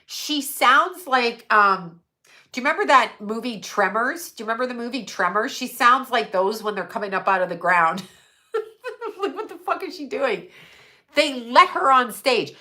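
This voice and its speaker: A woman's voice: a little high, animated, normal speed, pushed and bright. A middle-aged woman hosting a casual livestream from home, rambling from thought to thought, swearing freely and laughing often. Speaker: livestream host.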